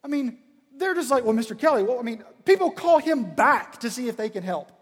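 A man giving a humorous storytelling talk, animated and acting out bits of dialogue. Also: extremely high pitch, normal speed, breathy edge. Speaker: speaker. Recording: reverberant hall.

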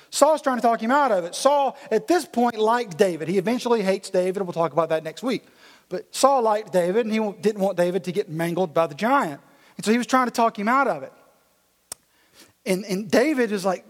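High-voiced animated preacher in an echoey hall. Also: male voice, brisk. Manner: animated storytelling, casual slang. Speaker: pastor. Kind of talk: sermon.

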